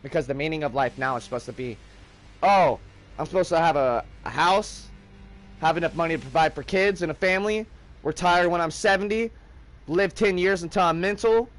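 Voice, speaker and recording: A man's voice: fairly high pitch, a little fast. A young man hosting a gaming livestream, ranting in a heated, profane, casual way.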